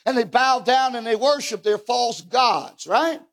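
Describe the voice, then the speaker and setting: A man preaching a fiery revival sermon, asking the congregation questions, calling for amens and breaking into shouts. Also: very high-pitched, expressive, measured pace. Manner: fiery, rhetorical, calls for amens, bursts into shouts.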